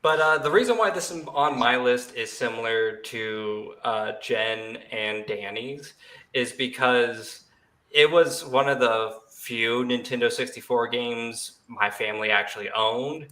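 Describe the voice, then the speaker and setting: Bright-voiced man in an echoey room. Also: mid-range voice. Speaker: podcast co-host. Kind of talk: casual chat.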